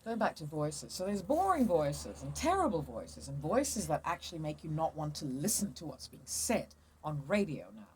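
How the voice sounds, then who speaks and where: A woman's voice: low voice, sing-song, moderate pace, few pauses, darkish tone, a little hiss or hum, rough recording. A woman with a British accent, chatting casually and frankly as a podcast host, often laughing as she rambles. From England. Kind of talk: casual chat. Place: outdoors at home, laundry in the sun.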